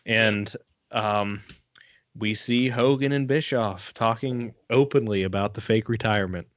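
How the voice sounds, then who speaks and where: A man with a somewhat low voice co-hosts a casual podcast. He tells the story in a laid-back way and swears now and then. The mic sound is dry and close. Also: unhurried, dry recording, lo-fi sound. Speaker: podcast co-host.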